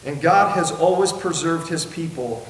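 A man preaching a sermon as pastor, emphatic, slowing down to stress key words. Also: on the high side, far from the mic. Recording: echoey room with faint hiss.

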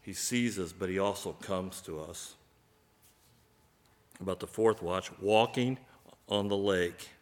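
A man preaching a sermon, animated, acting out the voices of the people in the story. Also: low voice, slow pace, pauses often, roomy sound. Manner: animated, acts out voices of biblical figures.

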